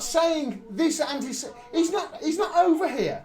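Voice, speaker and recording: A man's voice: very high voice, sing-song, normal speed, few pauses, a little mellow. A man doing live political commentary in an angry, profane, emphatic rant.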